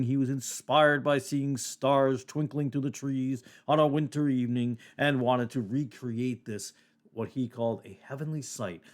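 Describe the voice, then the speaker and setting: A man's voice: medium pitch, darkish tone. A man teaching on the Bible from his home podcast area, reading his notes aloud with asides to the listener.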